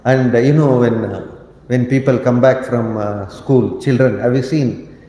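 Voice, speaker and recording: A man giving a storytelling sermon at a temple, animated and halting, with many fillers. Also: medium pitch. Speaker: monk giving a scripture talk. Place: temple cowshed. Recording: echoey hall with long reverb.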